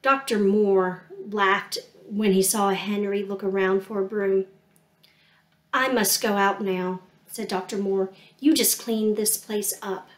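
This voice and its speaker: A woman reading a children's chapter book aloud in a gentle, steady storytelling manner. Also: mid-range voice, slow, roomy sound. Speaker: storybook reader.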